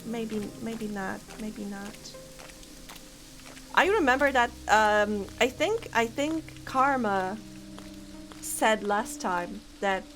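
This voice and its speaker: A woman's voice: a little high, takes it slowly, fairly bright tone. A woman streaming a game, chatting casually and thinking aloud with frequent giggles. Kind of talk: casual gameplay commentary. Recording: clear game music underneath. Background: game music.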